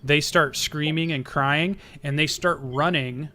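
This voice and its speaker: A man's voice: fairly high pitch, measured pace, sharp tone. A man narrating as game master, easygoing and prompting players with questions.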